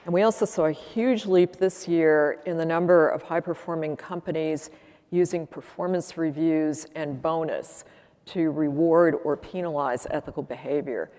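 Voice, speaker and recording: Low-voiced woman moderating a panel. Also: mellow. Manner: measured, with frequent fillers. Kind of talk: conference panel introduction. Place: conference room with audience. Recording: long reverb of a conference hall.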